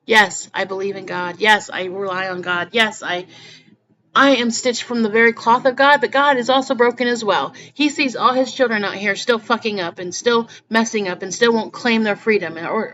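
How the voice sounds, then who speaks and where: A woman's voice: mid-range voice, fairly even intonation, normal speed, fairly bright tone. A woman talking earnestly to her viewers in a rambling personal vlog, often restarting her sentences. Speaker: spiritual vlogger. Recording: slightly muffled with faint background noise.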